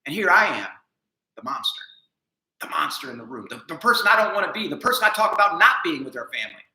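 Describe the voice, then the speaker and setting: A man telling a personal story in an earnest, self-critical monologue, going from quiet and subdued to emphatic. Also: on the high side, sing-song, fast talker. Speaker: vlogger. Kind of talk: confessional monologue. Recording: echoey room.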